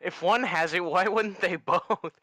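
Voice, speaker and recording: A young man playing a tabletop game over voice chat, joking and animated. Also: high-pitched, measured pace, no room sound. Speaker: player.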